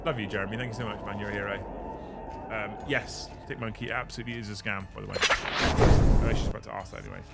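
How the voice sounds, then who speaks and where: A man's voice: on the low side, steady tone, quick pace, gravelly, heavy background noise. A young man hosting a live stream, thanking viewers, joking, swearing and laughing often. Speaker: livestream host. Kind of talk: casual live-stream chat.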